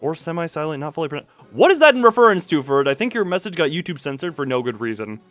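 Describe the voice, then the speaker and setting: A man's voice: on the high side, big pitch swings, quick pace, fairly bright tone, faint music behind. A man streaming a game live, joking and rambling as he reacts to his chat, on a close desk microphone.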